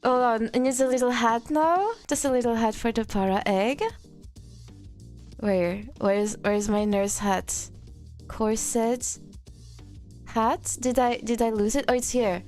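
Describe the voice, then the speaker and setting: A woman's voice: a little high, steady tone, unhurried, darkish tone, soft background music. Giggly French woman streaming. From France. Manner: playful, giggly, reads and answers chat. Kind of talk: casual live-stream chat.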